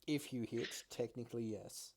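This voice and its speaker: A man narrating as game master, giving relaxed, matter-of-fact rulings with soft fillers. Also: medium pitch, normal speed, crowd noise. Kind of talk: narrating a tabletop game over a call.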